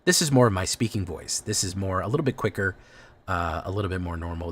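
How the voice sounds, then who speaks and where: Low-voiced, excitable male game streamer. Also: fairly quick, slight background noise. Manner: excitable, joking, talks to chat. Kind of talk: casual live-stream commentary while playing a card game.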